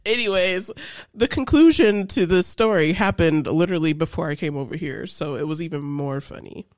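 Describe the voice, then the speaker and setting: A young woman telling a funny story on a casual podcast, animated and swearing freely. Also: lowish voice, moderate pace, dry recording, clean studio sound. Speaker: co-host.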